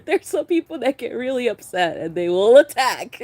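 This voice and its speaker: A woman's voice: on the high side, sing-song, normal speed, darkish tone, no room sound. Chatty woman giving a spiritual reading. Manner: chatty, laughs often, swears casually. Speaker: tarot reader. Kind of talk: casual spiritual vlog reading.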